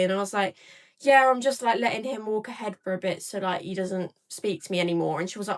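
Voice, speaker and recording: A young woman in the middle of a chatty story, told straight to the camera. She rambles and keeps reaching for fillers, acting out both sides of the exchange. Her voice sits at an ordinary middle pitch. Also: fairly quick.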